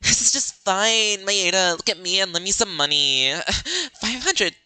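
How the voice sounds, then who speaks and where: A man's voice: high voice, expressive, a little slow, sharp tone, smooth, no echo, pitched above the performer's own voice, full character voice, rough recording. A man voicing a pushy, money-grubbing teenage girl in a game, in a whiny, wheedling way. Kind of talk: reading game dialogue aloud.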